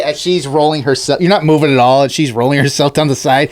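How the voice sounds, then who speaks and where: A man co-hosting a casual podcast chat, swearing freely and acting out people he talks about in shrill mock voices. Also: quick pace, hardly any pauses. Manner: animated, swearing, acts out high-pitched shrieking quotes. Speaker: podcast co-host.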